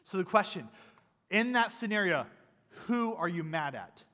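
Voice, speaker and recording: A man's voice: sits high, big pitch swings, moderate pace, pushed and bright. A man preaching a sermon as pastor, conversational and jokey, quizzing the congregation between earnest points, in a church sanctuary. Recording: long hall reverb.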